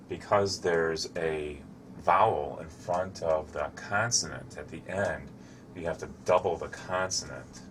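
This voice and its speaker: A man giving a slow, deliberate English grammar lesson, showing objects as he explains. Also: low-pitched, fairly bright tone, a little hiss or hum. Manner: shows objects to camera while explaining. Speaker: English teacher.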